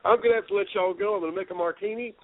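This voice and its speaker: Caller, man, lively storyteller who does the voices, somewhat high voice, dry tinny phone line. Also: racing, no room sound. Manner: animated storyteller, acts out quoted voices, laughs often. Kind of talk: casual phone chat retelling a book.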